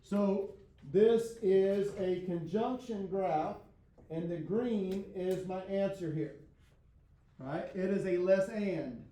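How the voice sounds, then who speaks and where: A man with a high but mellow voice teaches a math lesson, recorded in an echoey classroom. He lectures in a folksy, self-deprecating way and keeps checking in with his class. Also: slow pace. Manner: frequent check-ins with the class.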